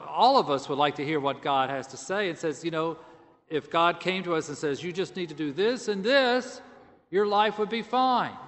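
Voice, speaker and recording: A man delivers a sermon in a large church, his voice high-pitched and bright. He speaks slowly and casually, pausing on filler words. The sound carries a long echo from the hall. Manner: conversational, slow and deliberate, with filler words. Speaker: priest.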